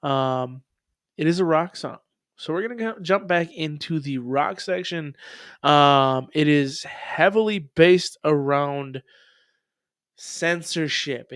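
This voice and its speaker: A man's voice: on the high side, a bit bright, no room sound, clean studio sound. A man in his thirties hosting a casual live stream, rambling and profane with many ums. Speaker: streamer host reacting to music.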